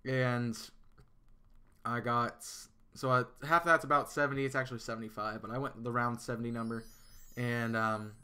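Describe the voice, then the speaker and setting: Bright-voiced male streamer chatting. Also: medium pitch, steady tone, moderate pace, clear, resonant tone. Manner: chatty, answers chat, many fillers and restarts. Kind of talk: casual live-stream chat.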